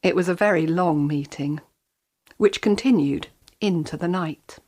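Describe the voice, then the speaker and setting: A woman storyteller telling a children's fairy tale in an expressive, animated manner. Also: on the low side, unhurried.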